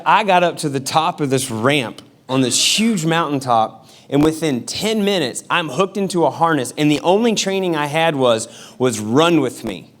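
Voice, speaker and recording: A man's voice: a little high, a bit bright. Man preaching with casual humor. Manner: casual, humorous storytelling with acted-out quotes. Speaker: pastor. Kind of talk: sermon.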